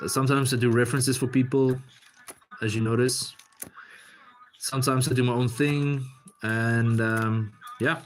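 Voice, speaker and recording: A man's voice: medium pitch, fairly even intonation, normal speed, slight background noise. A man streaming as an artist, chatting casually and rambling while he draws. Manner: rambling, easygoing, talks while working. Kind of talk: casual livestream chat.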